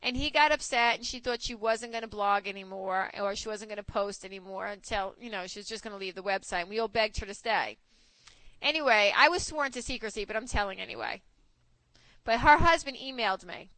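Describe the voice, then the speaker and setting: A woman in her forties hosting a casual chat, telling stories in an animated way and acting out quotes. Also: medium pitch, brisk, dry recording, poor audio. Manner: chatty, animated storytelling with acted quotes. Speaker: host.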